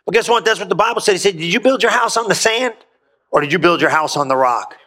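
A man delivers an energetic sermon, his voice pitched high and ringing with a forceful brightness. He preaches in a folksy, colloquial way and keeps urging the room to answer back. It sounds like a pastor at the pulpit of a church. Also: quick pace. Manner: energetic, rousing call-and-response preaching.

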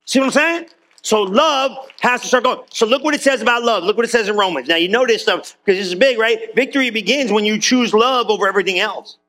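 A man's voice: high voice, quick pace, sharp tone. A man preaching a sermon in church, talking to his congregation like a friend and urging them on with repeated calls for claps and amens. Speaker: pastor.

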